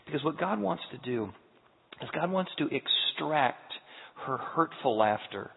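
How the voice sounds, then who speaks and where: A man preaching a sermon as pastor, moving between loud emphatic peaks and hushed, tender passages. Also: fairly high pitch, animated, a little slow, vocal fry, breathy edge. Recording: tinny, echoey church hall recording.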